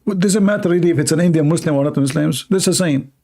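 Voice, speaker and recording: A man's voice: a little high, warm tone. A man hosting a long live stream, reading aloud and mocking it with sarcastic asides and frequent laughter, his voice tired after hours of talking from a cold room at his computer. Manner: sarcastic, laughs often, slow and drawn out.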